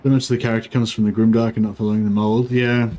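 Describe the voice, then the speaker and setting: A man's voice: lowish voice, little pitch movement, racing, warm tone. A man casually commentating a livestream of a strategy game, rambling with many fillers and restarts. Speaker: streamer.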